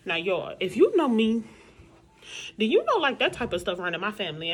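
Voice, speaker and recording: A woman's voice: a little high, very animated, brisk. A woman vlogging in a casual, candid chat, talking straight to her viewers.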